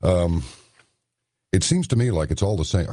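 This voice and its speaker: A male radio host running a late-night interview, measured and pausing with "uh" a lot. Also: sits low, animated, dark tone, no room sound, studio quality. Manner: measured, with many "uh" pauses.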